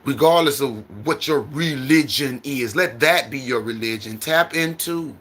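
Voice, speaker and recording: A man's voice: mid-range voice, measured pace, fairly bright tone. A middle-aged man who drives trucks, talking on his livestream in a repetitive, preacherly storytelling way into a phone. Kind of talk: casual livestream monologue.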